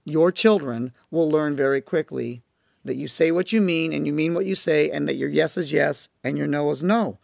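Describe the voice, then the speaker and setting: A man's voice: fairly high pitch, creaky, no echo, clean studio sound. A man teaching parents as a coach, talking emphatically and repeating his key phrases. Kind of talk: instructional talk to parents.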